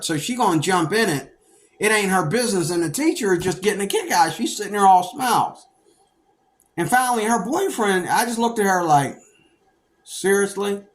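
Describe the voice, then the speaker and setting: Middle-aged male storyteller from Pennsylvania, rambling casual monologue, slightly higher voice, animated outbursts. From Pennsylvania, United States. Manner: rambling, animated, acts out quoted people with sudden loud outbursts. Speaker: storyteller recounting his past.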